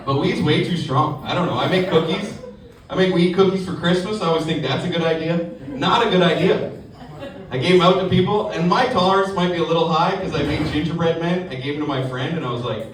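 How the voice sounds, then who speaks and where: Young male comic, high voice, lively storytelling, echoey club sound from a distant mic. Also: brisk. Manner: animated storytelling, acts out voices of others. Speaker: stand-up comedian. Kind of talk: stand-up comedy set. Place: comedy club stage. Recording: echoey club mic with crowd laughter, from far off. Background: audience laughing.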